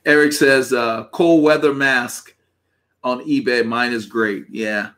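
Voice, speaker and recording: A man's voice: mid-range voice, steady tone, takes it slowly, fairly bright tone. A middle-aged man from Texas hosts a cycling channel's live stream, reading viewer comments in a rambling, conversational way and chuckling often.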